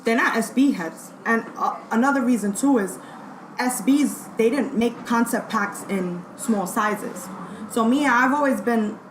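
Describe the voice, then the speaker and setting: Brooklyn-accented woman in an echoey store. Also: unhurried. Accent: Brooklyn New York. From Brooklyn, New York. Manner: animated storyteller, quotes people in a higher voice. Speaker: guest sneaker collector. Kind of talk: casual group chat. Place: sneaker store. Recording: echoey room with loud background noise.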